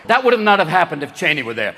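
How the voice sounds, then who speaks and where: A male stand-up comedian performing a manic, rapid-fire, profane set that keeps jumping into voices, on stage in a large theater. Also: on the high side, sing-song. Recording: echoey hall with loud audience.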